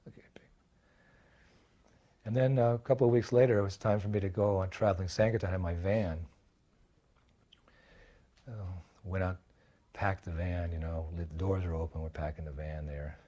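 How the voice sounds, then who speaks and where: Husky older man telling a memory. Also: deep voice, fairly even intonation, normal speed, pauses often, dark tone. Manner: anecdotal, full of fillers and acted quotes. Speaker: monk speaker. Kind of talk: storytelling reminiscence.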